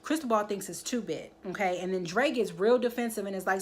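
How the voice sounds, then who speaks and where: A woman gives a loose, animated recap of a drama episode, jumping into the characters' voices as she retells scenes. Her voice sits at a middle pitch, and she keeps pulling her viewers in with quick asides and check-ins. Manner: animated storytelling, acts out the characters' lines; addresses viewers directly, keeps checking in with "okay?". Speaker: TV episode reviewer.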